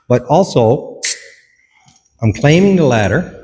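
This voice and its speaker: A man's voice: fairly high pitch, animated, unhurried, warm tone, big-room sound, a little hiss or hum. A man, a dog behaviourist, explains a hands-on dog training demonstration in short instructive steps and commands.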